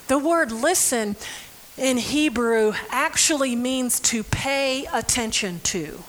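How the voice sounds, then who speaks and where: Bright high-voiced woman preaching playfully. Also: slow pace, slight background noise. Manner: animated and playful, laughs often; involves audience members. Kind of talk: sermon with scripture reading.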